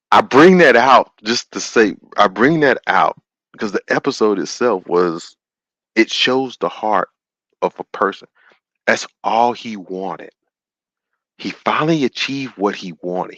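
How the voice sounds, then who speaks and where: Guy with a lowish voice hosting a call-in show, preachy storytelling, acts out quotes, dull dry sound. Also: no echo. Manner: animated retelling, acts out quotes. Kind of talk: storytelling sermon-like talk.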